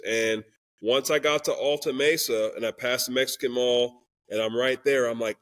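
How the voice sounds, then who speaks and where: A young man talks earnestly and with feeling in a candid interview, pitched at a middle level. He drops into the voices of the people in his story as he tells it, and his delivery stays open and heartfelt. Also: unhurried, a bit bright. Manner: earnest and emotional, acts out quoted dialogue. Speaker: podcast guest, Christian rapper.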